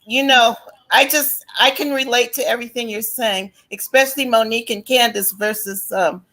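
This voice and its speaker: A woman's voice: fairly high pitch, steady tone, normal speed, bright, forceful tone, rough recording. A woman from the United States calling in to a live chat, friendly and a little hesitant. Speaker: caller. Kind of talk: casual call-in chat.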